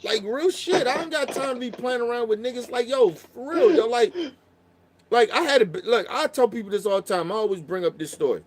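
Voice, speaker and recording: A man's voice: very high-pitched, lively intonation, a little fast. A man telling a long story in casual chat, profane and rambling, often restarting his sentences. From Baltimore.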